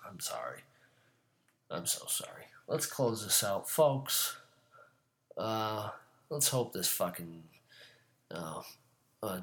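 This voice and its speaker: A man hosting a show, delivering a profane comedic rant with furious shouting bursts between calmer asides. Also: lowish voice.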